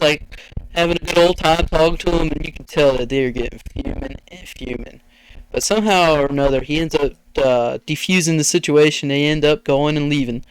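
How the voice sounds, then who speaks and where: A man, telling stories on a casual podcast in a rambling, animated way and acting out customers in high voices. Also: smooth, dry recording, poor audio. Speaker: podcast co-host. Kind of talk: casual storytelling chat.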